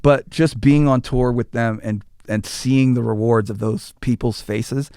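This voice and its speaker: A man's voice: mid-range voice, unhurried, smooth, no echo, studio quality. A man telling stories in a casual interview, acting out quotes and restarting his sentences. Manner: animated storyteller acting out quotes, stammering restarts. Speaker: guest, former tour manager. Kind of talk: casual storytelling.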